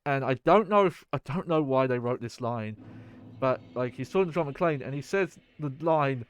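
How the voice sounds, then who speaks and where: A man's voice: medium pitch, expressive, normal speed, smooth, no echo. Man, casual game stream chatter, rambling, close dry mic. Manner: rambling, chatty, swears and laughs. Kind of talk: casual gameplay commentary.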